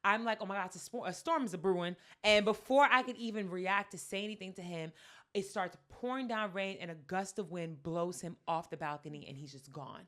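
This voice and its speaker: Podcast co-host, woman, bright and lively, acts out every quote. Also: medium pitch, a little fast. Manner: animated, acts out quotes loudly, laughs often. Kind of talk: casual storytelling chat.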